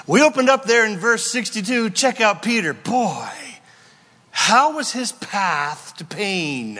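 High lively preacher guy, bright voice, big hall echo, playful, acts out little voices. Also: slow. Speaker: pastor. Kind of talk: sermon. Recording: long hall reverb.

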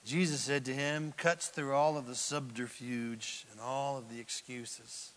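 A man preaching a sermon as pastor, swinging dramatically from hushed, almost whispered asides to loud, emphatic declarations. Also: mid-range voice, steady tone, measured pace, slight background noise. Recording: long reverb of a large hall.

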